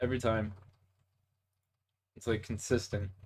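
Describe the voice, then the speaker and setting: Speaking a little slowly in a level, lowish voice with a little hiss or hum in the sound, a young Canadian streams a game live. He laughs a lot, swears, jokes at his own expense, calls viewers bro and dude, and mutters to himself mid-play.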